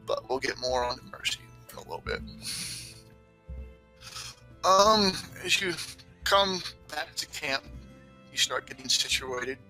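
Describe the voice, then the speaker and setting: In a rough recording, a man with a mid-range voice acts as game master for a tabletop role-playing game, narrating in a relaxed, rambling manner.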